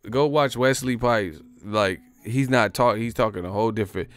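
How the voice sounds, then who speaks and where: A man's voice: fairly low pitch, lively intonation, moderate pace, soft background music. A man chatting casually on a live stream, joking loosely with profane slang and frequent laughs. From United States.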